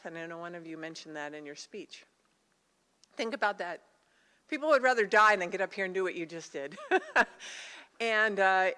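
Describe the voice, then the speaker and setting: A woman's voice: on the low side, a bit bright, clear, resonant tone. Emotional older woman speaking in a hall. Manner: emotional, tearful, earnest. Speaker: Secretary of State, competition judge. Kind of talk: speech to students at an awards ceremony. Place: college auditorium. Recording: hall reverb.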